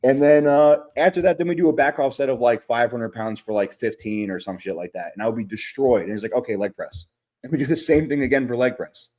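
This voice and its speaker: A man's voice: mid-range voice, fast, few pauses, a little mellow. A man co-hosting a podcast in casual chat, rambling through gym stories with lots of fillers and casual swearing. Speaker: podcast co-host, bodybuilder.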